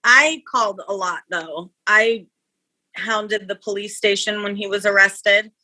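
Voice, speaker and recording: A woman's voice: medium pitch, a little slow, low-quality recording. A woman, the victim's niece, recounting events casually in an interview and acting out the people she quotes. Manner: animated storyteller, acts out quoted people.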